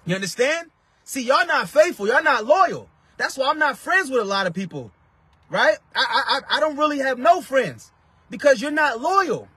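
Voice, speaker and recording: A man preaches in a very high, husky voice. He drives his points home through repetition and bursts into shouting. The sound is dry and close. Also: lively intonation, normal speed, no echo. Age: 30s. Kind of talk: fiery street-style preaching.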